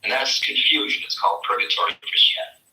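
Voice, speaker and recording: A man giving a spiritual talk at a workshop, telling his story in a lively way and acting out the voices in it. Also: quick pace, reverberant, far from the mic, heavy background noise. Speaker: spiritual teacher.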